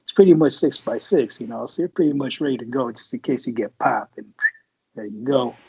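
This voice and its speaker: Brief: husky-voiced Marine vet in his forties, co-hosting a podcast, rambling and profane. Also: medium pitch, a little fast, mellow, muffled recording. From San Francisco Bay Area. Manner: profane and rambling, full of fillers and restarts. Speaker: podcast co-host, Marine veteran. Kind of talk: casual storytelling chat.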